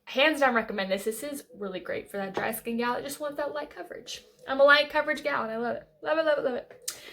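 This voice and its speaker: A woman's voice: on the high side, a bit bright. Gushing young woman beauty vlogger. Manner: gushing, enthusiastic, lots of fillers and restarts. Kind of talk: casual makeup favorites chat.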